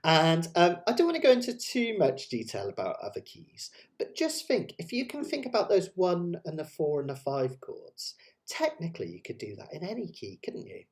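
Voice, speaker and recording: A man's voice: on the high side, wildly swooping pitch, moderate pace. A man hosting an online ukulele jam, chatting and explaining chords step by step. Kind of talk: casual online music lesson. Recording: loud ukulele music behind the voice.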